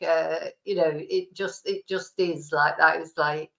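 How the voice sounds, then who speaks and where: A woman with a faded Manchester accent talks in a casual, rambling way, often stopping to correct herself. Her voice sits low for a woman. She laughs easily as she chats to her viewers. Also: steady tone, a little slow, vocal fry, pushed and bright. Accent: Mancunian, softened. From Manchester, England. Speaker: vlogger. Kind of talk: casual chat. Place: home, lives in Spain.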